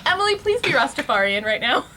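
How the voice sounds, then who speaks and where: A woman's voice: high voice, very animated, moderate pace, sharp tone, a little hiss or hum. A woman co-hosting a casual podcast, bubbly and laughing a lot, eagerly pushing her favourite shows on the others. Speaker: podcast co-host. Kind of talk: casual chat.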